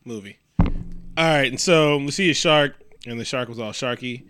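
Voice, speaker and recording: Bright-voiced profane man recapping a movie. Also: medium pitch, normal speed, clean tone. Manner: profane, animated storytelling with loud acted-out voices. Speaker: podcast co-host. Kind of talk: casual movie recap chat.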